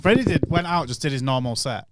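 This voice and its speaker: A male comedian chatting casually on a podcast, lively and chuckling as he sets up stories. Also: mid-range voice, fast talker. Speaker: stand-up comedian. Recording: noisy background hiss.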